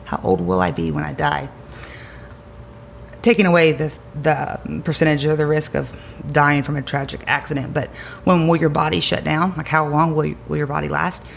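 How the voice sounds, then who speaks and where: A woman chiropractor talking with energy and emphasis, repeating her key words for stress. Her voice has a creaky, gravelly edge at a middle pitch. Faint noise sits under the recording. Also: steady tone, normal speed. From Greenville County area, South Carolina. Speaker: chiropractor guest. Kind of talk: energetic advice-giving conversation.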